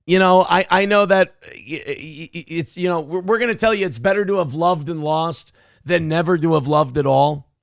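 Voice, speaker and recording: A man's voice: on the high side, normal speed, creaky, dry recording, clean studio sound. A man in his thirties from Minnesota hosting a live show, ranting with plenty of profanity. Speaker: show host. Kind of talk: casual live-stream commentary.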